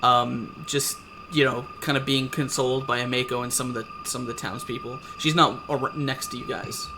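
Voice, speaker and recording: A man's voice: mid-range voice, steady tone, normal speed, background noise. A man running a tabletop role-playing game as game master, narrating with hesitant, filler-heavy speech. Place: home setup with camera.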